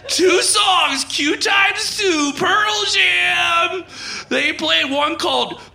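A man playing a heartbroken, frantic male rock radio DJ who shouts announcer lines while breaking into sobs. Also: extremely high pitch, very slow, gravelly, reverberant, soft background music, voice pushed up, heavily acted. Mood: sobbing announcer.

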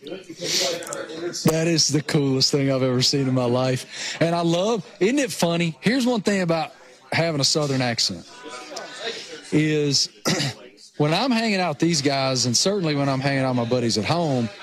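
A man from rural Appalachia with an Appalachian accent, co-hosting a radio show with animated, joking banter. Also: a little high, normal speed, long pauses. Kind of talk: casual chat.

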